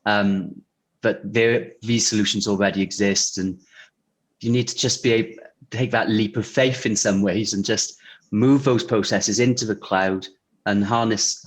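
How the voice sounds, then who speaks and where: Man, lowish voice, easygoing guest answering questions with frequent fillers. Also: normal speed. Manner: relaxed, chatty, many fillers and restarts, laughs easily. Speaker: guest, insurance technology vendor. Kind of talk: casual interview answers.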